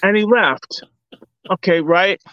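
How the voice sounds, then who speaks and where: A man from Washington, D.C., telling a comic story in casual talk, profane and animated, laughing often and acting out what people said. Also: high voice, slow, no echo, dull audio. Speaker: commentator.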